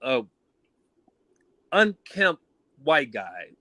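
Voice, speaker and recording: A man phones in to a talk show and tells his story in a loose, conversational way. His voice is bright and a little sharp. The sound is dry and close, with no room around it. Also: mid-range voice, very animated, drawn-out words, dry recording. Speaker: caller. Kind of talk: casual call-in chat.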